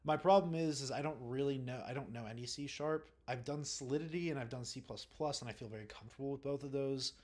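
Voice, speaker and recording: A man's voice: medium pitch, fast talker, hardly any pauses, darkish tone. A young man casually chatting while livestreaming, rambling with lots of fillers and restarts as he answers his viewers. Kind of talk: casual chat reading live comments.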